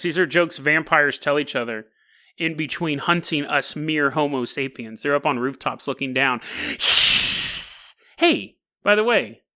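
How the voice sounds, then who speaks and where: A man's voice: on the high side, pushed and bright. A man hosting a podcast in a casual comedic monologue, wry and often laughing mid-sentence. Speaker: podcast host.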